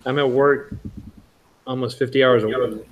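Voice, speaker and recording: A man's voice: medium pitch, fairly even intonation, moderate pace, lo-fi sound, background noise. A man in a casual live chat on a video call, with a dry, sarcastic way of joking. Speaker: live stream participant.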